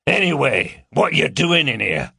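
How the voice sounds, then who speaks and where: Brief: narrator doing a big blunt Yorkshireman, slow, gravelly and mocking, storybook. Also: on the high side, sing-song, sharp tone, dry recording, clean studio sound, pitched above the performer's own voice, heavily acted. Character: bulky, crude, mocking middle-aged man.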